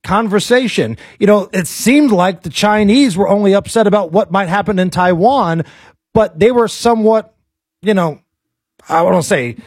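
High-voiced blunt American host. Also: male voice, moderate pace, breathy edge, dry recording, studio quality. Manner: blunt, animated, asks pointed questions. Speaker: talk show host. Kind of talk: casual political talk.

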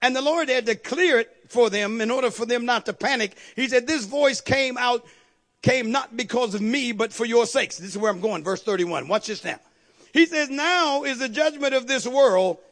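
A man with a strikingly high voice preaches a fervent sermon. He keeps calling out to the congregation for agreement and drives his points up to shouted peaks. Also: moderate pace. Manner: call-and-response, repeatedly asking the congregation to agree.

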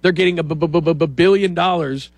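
A man's voice: a little high, fast, gravelly, no echo. A man hosting a talk show, riffing with opinions and mock quotes in casual chat. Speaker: radio show host.

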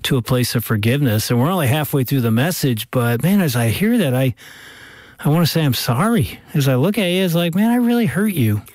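A man's voice: mid-range voice, animated, brisk, darkish tone, no room sound, clean studio sound. An older man co-hosting a radio talk show, speaking earnestly and heartfelt. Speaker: radio co-host. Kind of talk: reflective studio conversation.

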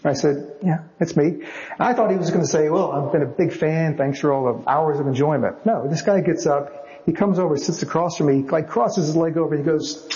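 A man, a novelist being interviewed, telling anecdotes in a lively way and acting out the voices of the people in them. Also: on the high side, a little fast, highs cut off, very noisy. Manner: lively storyteller acting out quotes. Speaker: novelist guest.

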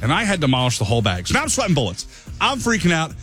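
A man's voice: on the high side, wildly swooping pitch, rapid-fire, fairly bright tone, soft background music. A man hosting a radio show, telling a casual, self-mocking story with a dramatic flair.

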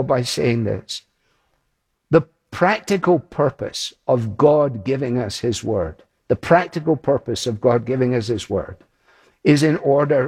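A man's voice: medium pitch, a little mellow, husky. A man preaching a sermon, earnest and emphatic, repeating his key phrases.

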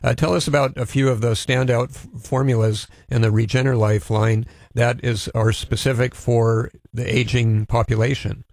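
A man hosting an interview show, halting and casual, with many restarts. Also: mid-range voice, flat delivery, creaky, a little mellow, no room sound, studio quality. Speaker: radio show host.

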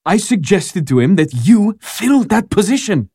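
A man's voice: sits high, big pitch swings, measured pace, darkish tone, slightly rough, no room sound, clean studio sound, full character voice. An actor playing an eager, persuasive churchman in a radio drama. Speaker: canon assisting a bishop.

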